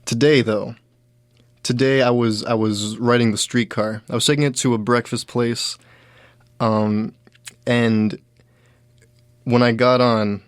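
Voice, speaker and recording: A man's voice: mid-range voice, flat delivery, takes it slowly, pauses often, clean tone, no echo. A young adult man hosting a comedy show, telling rambling everyday stories with lots of fillers and restarts. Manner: rambling, filler-heavy, quoting others in raised voices. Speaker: comedian host. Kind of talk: casual storytelling monologue.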